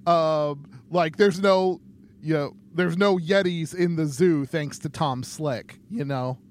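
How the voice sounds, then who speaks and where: A man's voice: fairly high pitch, slow pace, a little hiss or hum. A young man co-hosting a podcast in a casual chat, rambling along with lots of ums and easygoing jokes. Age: young adult. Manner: rambling, many ums, laid-back joking. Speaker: podcast co-host.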